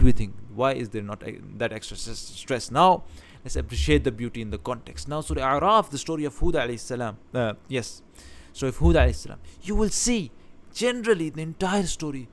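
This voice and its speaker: A man teaching about scripture in a talk, stressing key words with emphasis and often restarting his phrases. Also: medium pitch. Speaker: religious teacher.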